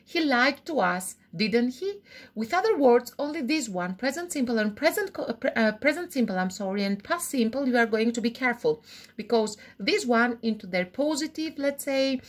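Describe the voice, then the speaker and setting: A teacher walks through English grammar at a slow pace, saying every example twice and frequently asking "okay?". Her voice is fairly high and lively in its rise and fall, captured as a recorded lesson.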